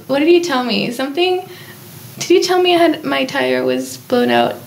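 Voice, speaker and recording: A woman's voice: high-pitched, lively intonation, normal speed, vocal fry. A bubbly woman in her twenties, chatting casually as a podcast guest, giggling often and saying "like" a lot. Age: 20s.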